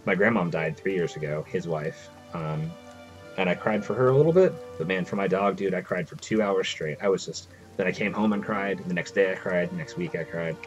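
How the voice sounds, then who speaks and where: Low-voiced man streaming a game. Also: brisk, dull audio, soft background music. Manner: chatty, reads game text aloud. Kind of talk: casual live game commentary.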